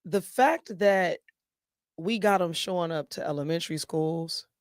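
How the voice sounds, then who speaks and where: A man co-hosting a casual talk show, animated and slangy, swearing freely as he talks. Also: a little high, measured pace, clean tone, no room sound, studio quality. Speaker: co-host. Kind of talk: casual chat.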